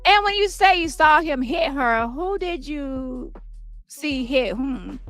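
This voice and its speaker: A woman reading the part of an attorney questioning a witness in court, with brisk, pointed questions and faint music behind. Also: high-pitched, lively intonation, fairly bright tone, voice pushed up, exaggerated voice. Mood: probing.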